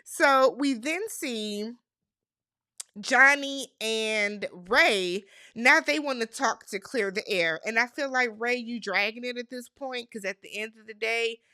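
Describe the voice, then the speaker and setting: Bright, chatty woman recapping TV. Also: a little high, slow, clear, resonant tone, no echo, clean studio sound. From United States. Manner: chatty, animated, slangy, mimics cast members' lines. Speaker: recap vlogger. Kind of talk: casual TV recap commentary.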